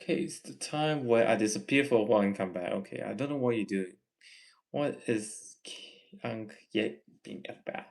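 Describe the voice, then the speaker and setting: Malaysian guy reading his chat out on a live stream, kinda gravelly, lecturing a bit. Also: fairly low pitch, moderate pace. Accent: Malaysian English. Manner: reads chat messages aloud and answers, gently lecturing. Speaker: livestreamer.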